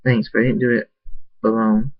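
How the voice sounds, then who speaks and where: A man voicing a sweet, shy young male pony who breaks into excited squeals. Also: fairly low pitch, moderate pace, no room sound, lo-fi sound.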